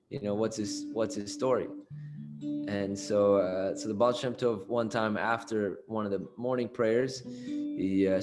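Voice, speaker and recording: Man, casual storyteller, chatty, filler-heavy, soft guitar in the background. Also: medium pitch. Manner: loose and chatty, many fillers.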